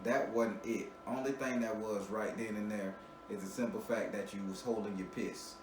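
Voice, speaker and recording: A man's voice: fairly low pitch, fairly even intonation, normal speed. A man giving a spiritual reading to a client in a casual, joking way, talking bluntly and profanely, laughing often and repeating words as he restarts. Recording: roomy, distant mic with ambient noise.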